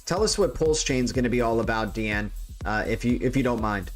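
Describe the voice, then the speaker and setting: A man's voice: mid-range voice, a little fast, faint music behind. Joking, rambling livestream host, a man. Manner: joking, rambling, many restarts. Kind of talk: casual crypto livestream chat.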